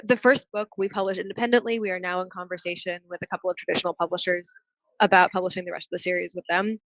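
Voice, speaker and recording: A woman's voice: fairly low pitch, fairly bright tone, no room sound, highs cut off. A young woman founding a nonprofit, answering interview questions in long, earnest, articulate sentences.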